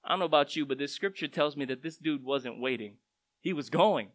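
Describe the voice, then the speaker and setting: Guy preaching a sermon, kinda high voice, chatty storytelling, gets loud then goes quiet. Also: expressive, a little fast, rough recording. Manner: conversational preaching, storytelling, voice swells and drops. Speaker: pastor.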